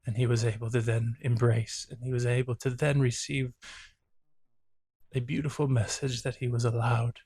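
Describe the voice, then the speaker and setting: Earnest man reflecting in an even tone. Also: medium pitch, normal speed, husky, no room sound. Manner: earnest, reflective, openly emotional. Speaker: therapist and show host. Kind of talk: reaction commentary.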